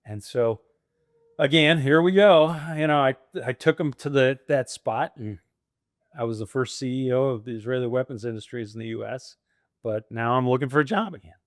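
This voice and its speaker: A man's voice: mid-range voice, brisk, no room sound, studio quality. A man in his fifties from the United States, a guest telling his career story in a casual interview, acting out voices and laughing often. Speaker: franchise owner guest.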